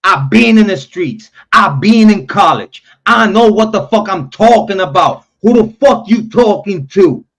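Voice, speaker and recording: A man's voice: high-pitched, animated, a little slow, few pauses, a bit bright. A young man hosting a true crime live stream, ranting in a heated, profane, repetitive way. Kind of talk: angry live-stream rant.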